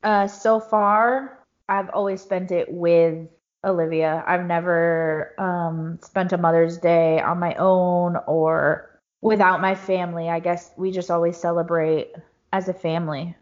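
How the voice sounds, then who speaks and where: A woman co-hosting a podcast in casual chat, talkative and quick to laugh. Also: fairly low pitch, fairly even intonation. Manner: chatty, laughs easily. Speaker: podcast co-host. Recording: dull lo-fi recording.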